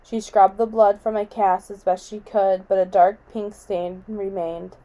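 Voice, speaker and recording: Woman, audiobook reader, quiet, measured, mellow tone. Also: medium pitch, flat delivery, poor audio. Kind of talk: reading a novel aloud.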